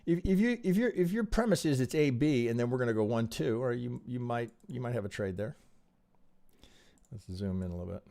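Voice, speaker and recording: With a fairly quick, creaky mid-range voice, a man reviews trading charts live on stream. He's animated and rhetorical, frequently starting over and adding tag questions.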